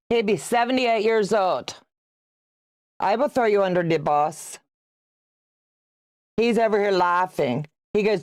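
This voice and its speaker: A woman in her sixties talks at an unhurried, easy pace as she hosts a sewing livestream. She keeps up chatty banter with her viewers and teases them between laughs. Her voice sounds dry and close, with little room echo. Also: medium pitch. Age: 60s. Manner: chatty and teasing, reads out viewer comments, laughs often. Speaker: quilting livestream host. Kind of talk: casual livestream chat while sewing.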